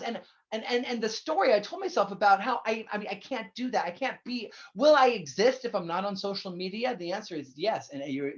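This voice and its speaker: Blunt, chatty minister preaching; plain middle pitch, muffled low-fi recording. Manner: candid, blunt, swears casually; conversational, addresses listeners directly. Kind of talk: sermon.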